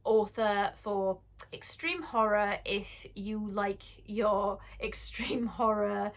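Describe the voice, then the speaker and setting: Chatty British woman reviewing horror books. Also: medium pitch. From United Kingdom. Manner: chatty and candid, rambling with quick self-corrections and asides. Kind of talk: casual book-review vlog.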